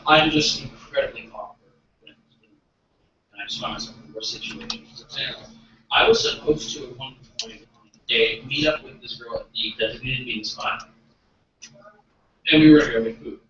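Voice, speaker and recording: A man's voice: medium pitch, moderate pace, pushed and bright, slight background noise. A man telling awkward, self-deprecating stories in a stand-up routine, acting out what people said. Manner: self-deprecating, awkward storytelling with acted-out quotes. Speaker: stand-up comedian. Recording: echoey, dull recording from a distant mic.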